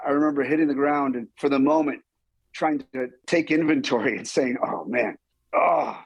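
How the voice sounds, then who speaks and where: A man of medium pitch talks fairly quickly, recorded with no room sound. As a stuntman guest in a storytelling interview, he animatedly relates his stories and voices other people's lines himself.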